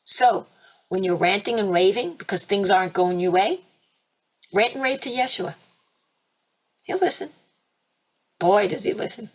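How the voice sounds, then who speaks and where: A woman spiritual teacher hosting a webinar, talking emphatically and fervently, with sudden leaps in pitch and loudness. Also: expressive, a little slow, long pauses. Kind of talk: impassioned preaching webinar talk. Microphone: computer mic for a webinar.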